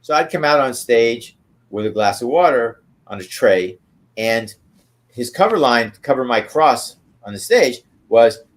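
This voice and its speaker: Here the older interview guest speaks at a medium pitch with lively intonation, taking his time. He wanders through anecdotes from show business, punctuating them with "right?" as he goes.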